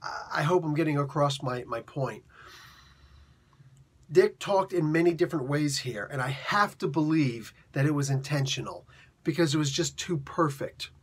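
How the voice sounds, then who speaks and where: A man talks through a comic book review in a loose, chatty way, tossing asides to his audience. His voice sits a bit high for a man and has a husky, breathy grain. He often restarts his words. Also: normal speed. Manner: chatty and animated, with frequent rhetorical asides. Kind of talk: casual spoken comic review.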